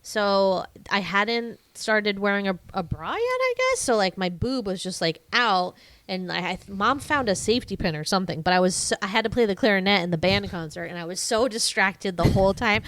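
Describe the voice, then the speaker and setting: A woman in her thirties co-hosting a podcast, casually chatting and telling a childhood story with quick reactions and laughter. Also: mid-range voice, expressive, a bit bright. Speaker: podcast co-host. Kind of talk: casual chat.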